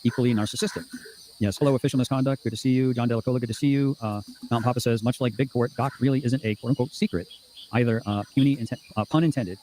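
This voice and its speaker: A man hosting a casual livestream, reading viewer comments aloud in a fast, profane and combative way. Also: mid-range voice, steady tone, dark tone, a little hiss or hum. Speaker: livestream host.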